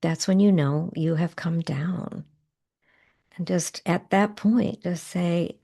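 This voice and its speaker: A middle-aged woman coaching a guided tapping exercise, giving gentle, unhurried guidance with soft pauses. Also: lowish voice, gravelly.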